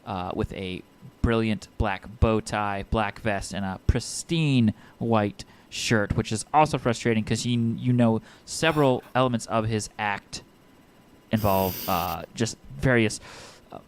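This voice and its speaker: A man's voice: fairly low pitch, a little slow, a little hiss or hum. A man running a tabletop game as game master, describing scenes in an easygoing way with filler words.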